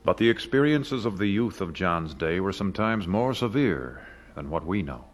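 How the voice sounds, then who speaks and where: A male narrator telling a story in measured, scripted narration. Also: deep voice, lively intonation.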